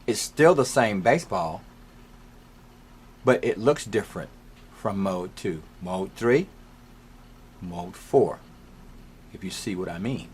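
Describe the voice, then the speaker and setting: Slow, patient male music teacher. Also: deep voice, animated, slight background noise. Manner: slow, patient step-by-step explaining. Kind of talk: piano lesson explanation. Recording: faint piano playing behind.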